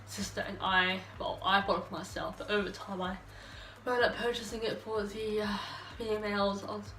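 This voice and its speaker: A young Australian woman rambles cheerfully to herself with a slight tipsy looseness, her pitch sitting in an ordinary middle range. She is recorded on a phone at some distance, so her voice carries a roomy echo. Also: flat delivery, moderate pace, a bit bright, slight background noise. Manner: rambling, chatty, talking to herself. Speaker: beauty vlogger. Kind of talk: get-ready-with-me chat. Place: bedroom at home under a ring light. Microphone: phone camera.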